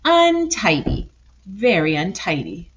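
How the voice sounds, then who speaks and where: A woman's voice: medium pitch, big pitch swings, takes it slowly, husky, dull audio, exaggerated voice. A woman voicing a fussy, prim gossiping hen in a storybook reading. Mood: disapproving. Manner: prissy, disapproving, clucking.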